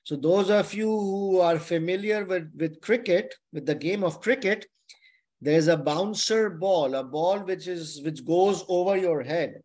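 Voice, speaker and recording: A man's voice: fairly high pitch, a little mellow. A man tutoring exam candidates in an online webinar lecture. He repeats his key points and keeps checking in with "okay?". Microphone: webinar microphone.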